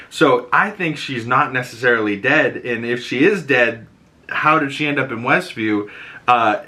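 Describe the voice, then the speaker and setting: A man with a bright, forceful voice talks through a TV episode as the show's host. His delivery is loose and conversational, full of rambling asides and quick "you know what I mean" check-ins. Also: mid-range voice. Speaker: show host reviewing a TV episode. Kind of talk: casual recap and reaction.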